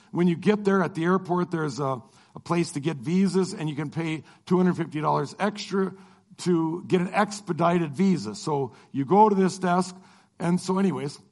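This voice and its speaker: A man telling a personal story to an audience in a lively way, acting out the people he quotes. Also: a little high. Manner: animated, acts out the people he quotes.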